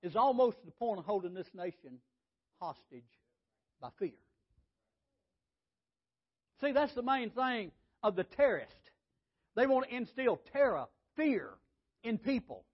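A man's voice: high-pitched, big pitch swings, measured pace, long pauses, slightly rough. A man preaching a sermon, folksy and conversational, often repeating his words. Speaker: pastor. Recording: dull lo-fi sound.

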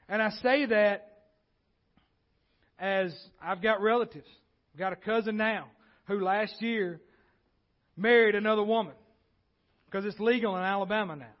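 Man preaching in church, high voice, dull lo-fi sound, repeats lines for emphasis. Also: unhurried, pauses often. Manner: emphatic, repeats key phrases, swings between loud and quiet asides. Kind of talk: sermon.

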